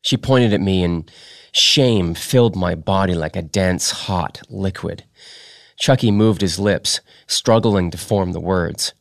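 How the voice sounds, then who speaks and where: A podcast host reads fiction aloud in a deep, low voice. His delivery is steady and measured. The recording is dry and close. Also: creaky, no echo.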